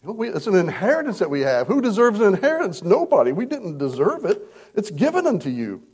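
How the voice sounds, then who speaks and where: Lively high-voiced pastor preaching. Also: male voice, fast talker, husky. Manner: conversational, acts out quoted voices. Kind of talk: verse-by-verse sermon. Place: church service.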